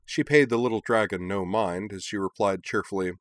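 Deep-voiced male storybook narrator. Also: no room sound. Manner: measured, storytelling. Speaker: audiobook narrator. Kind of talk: scripted narration.

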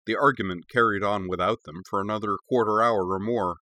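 Male story narrator, steady and measured, lowish voice, dry close sound. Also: no echo. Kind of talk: audiobook reading of fiction.

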